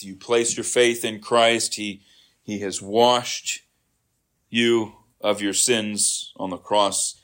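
A man's voice: on the low side, a bit bright. A man preaching a sermon after a scripture reading, explaining in a conversational way and often checking in with the congregation. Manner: conversational, frequent "right?" checks, restarts.

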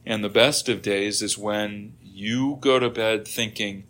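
A man's voice: lowish voice, steady tone, slow pace, fairly bright tone. A middle-aged man preaching a sermon as pastor, acting out quoted grumbling and prayers in a dramatic way.

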